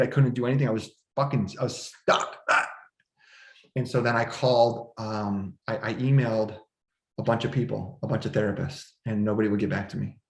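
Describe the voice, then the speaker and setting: Speaking in a low-leaning voice from an echoey room at home, a podcast guest relates a personal story in conversation. His delivery is emotional and restless, with plenty of restarts and quoted dialogue.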